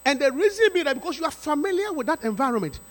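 A pastor preaching a sermon to his congregation, emphatic and repetitive, with sudden rising shouts. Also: very high voice, very animated, very fast. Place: church sanctuary. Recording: reverberant church hall.

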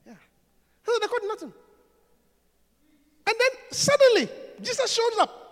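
A man preaching a sermon in a church, swinging from soft talk to shouting and laughing often. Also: very high-pitched, very animated, slow pace, long pauses, big-room sound.

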